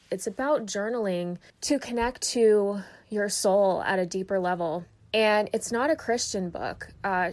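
A woman sharing her personal faith testimony in a casual storytelling way. She sounds earnest and heartfelt, sometimes emotional, with conversational fillers and restarts. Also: fairly low pitch.

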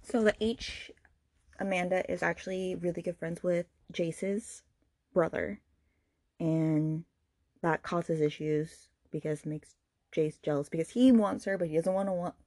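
A woman hosting a podcast, giving a casual, animated book review rant full of fillers like "like" and "okay". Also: fairly low pitch, no room sound. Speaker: podcast host.

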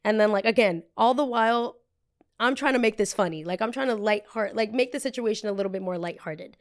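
A young woman hosting a podcast, telling a story in a loose, conversational way. Her voice sits mid-range for a woman. She fills her sentences with "like" and retells the scene with animated energy. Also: mid-range voice, a little fast. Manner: chatty, heavy use of "like", animated retelling. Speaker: podcast host. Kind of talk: casual storytelling.

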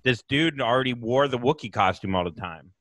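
A man hosting a casual podcast, talking in a rambling, halting way with many fillers. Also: medium pitch, expressive, fairly bright tone, no echo. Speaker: podcast host, comedian.

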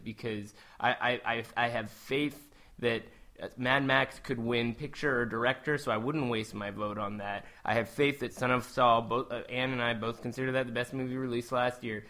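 Male podcast host, clear and bright, casual reflective chat. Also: mid-range voice. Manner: thoughtful, conversational, restarts when building a point.

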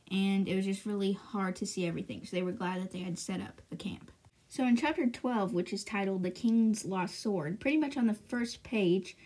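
Woman podcast host, casual book recap, filler-heavy and conversational, average pitch. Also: a little mellow. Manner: chatty, filler-heavy, lots of "like" and "you know".

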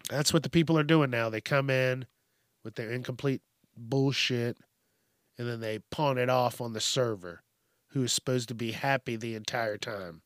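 A man's voice: mid-range voice, normal speed, dry recording, studio quality. A man hosting a podcast alone, ranting in a profane, casual way and briefly mimicking people. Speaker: podcast host. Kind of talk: casual solo rant.

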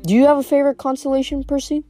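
A woman's voice: high-pitched, steady tone, very fast, dark tone, soft background music, pitched above the performer's own voice, lightly acted. Woman reading as a sly, breezy male god. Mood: wry. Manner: casual, breezy, wry. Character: sly, relaxed male god posing as a jogger.

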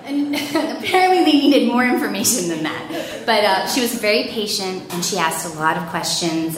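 Animated woman storyteller, very echoey room. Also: fairly low pitch. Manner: animated, acts out panicked quotes. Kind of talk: live personal storytelling. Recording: very echoey room, faint noise.

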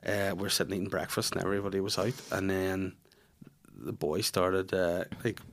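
Fast-talking man telling stories. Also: low voice, level tone, fairly bright tone. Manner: swearing storyteller who acts out his kids' voices. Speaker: podcast host. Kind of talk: casual chat.

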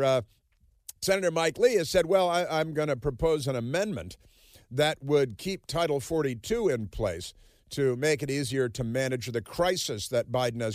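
Brief: male talk radio host, mid-pitched, sarcastic and rambling, dry close studio sound. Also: darkish tone, no echo. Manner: sarcastic, rambling, with many fillers and asides. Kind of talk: opinion talk radio monologue.

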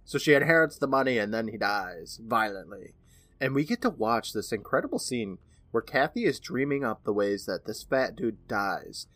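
A man in a laid-back podcast recap, walking through a plot beat by beat and tossing questions to his co-host. His voice sits at an everyday middle pitch. The recording is dry and close, with almost no room sound. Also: animated, normal speed, fairly bright tone, dry recording. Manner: playful retelling, often turns to his co-host by name. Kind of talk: casual episode recap.

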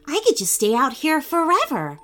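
A woman voicing a sweet, gentle young girl in a storybook, soft and delighted. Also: sits high, wildly swooping pitch, moderate pace, soft background music, pitched above the performer's own voice, heavily acted.

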